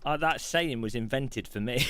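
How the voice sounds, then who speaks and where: A man's voice: medium pitch, normal speed, fairly bright tone, smooth. A middle-aged man streaming live, chatting and joking at his own expense while he fits out a sim rig. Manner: chatty, self-mocking, laughs often.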